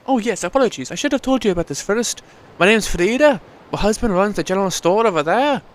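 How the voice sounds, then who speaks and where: A man's voice: sits high, expressive, quick pace, voice pushed up. A chatty village woman with a put-on Welsh lilt, voiced by a man, raised well above his usual voice. She is tired but friendly and keeps asking questions. It sounds like game narration played out by one person. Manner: chatty, inquisitive.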